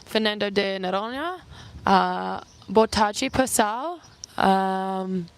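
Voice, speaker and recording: A young woman from New Zealand, a travel vlogger answering viewer questions in a casual, rambling chat full of "like". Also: medium pitch. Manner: chatty, heavy use of "like", quick asides. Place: outdoors on an island.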